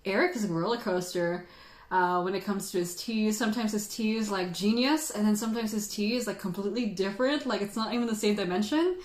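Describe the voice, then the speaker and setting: A chatty woman hosts a casual livestream, rambling freely and laughing often. Her voice sits at a middle pitch and rings with a roomy echo. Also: a little fast. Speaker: tea livestream host.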